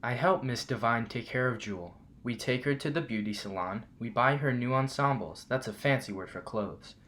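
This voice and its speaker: A man reading a children's picture book aloud in a steady, clear reading voice. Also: medium pitch, normal speed, slight background noise. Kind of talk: storybook read-aloud.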